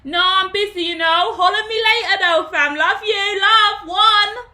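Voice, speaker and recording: A woman putting on a loud, excitable, slangy voice of a young woman greeting friends from her neighbourhood. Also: very high-pitched, a little slow, voice pushed up, exaggerated voice. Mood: excited.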